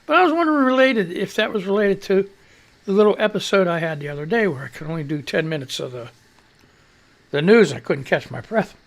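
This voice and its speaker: A man's voice: sits high, gravelly. A man hosting a live radio show, telling a rambling story in casual chat with fillers and mild cursing.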